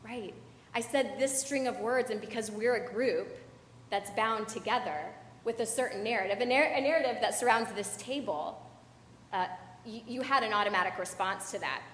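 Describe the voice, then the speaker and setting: High-voiced woman preaching in echoey church. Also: moderate pace. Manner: conversational, chatty with fillers and audience asides. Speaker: pastor. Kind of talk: sermon. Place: church sanctuary.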